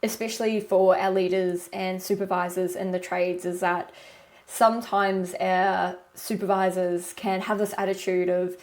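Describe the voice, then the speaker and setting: A woman's voice: lowish voice, level tone, measured pace, a little mellow. Articulate woman podcast host. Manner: articulate, reflective, coaching tone. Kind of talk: interview commentary.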